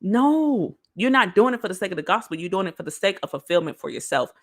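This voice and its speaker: A woman giving a casual motivational talk on self-love straight to her viewers, lively and preachy. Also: mid-range voice, quick pace. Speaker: motivational speaker.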